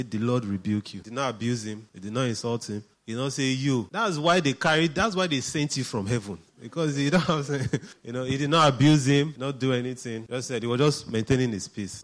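A man's voice: medium pitch, brisk, few pauses. Conversational male preacher. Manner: conversational, asks the congregation questions often. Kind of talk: sermon.

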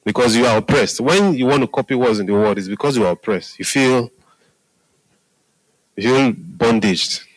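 A man's voice: medium pitch, moderate pace, no echo, low-quality recording. A man preaching a sermon in a conversational way, often asking his listeners if they are following. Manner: conversational, repeats "Hallelujah" and "are we together?" to the audience.

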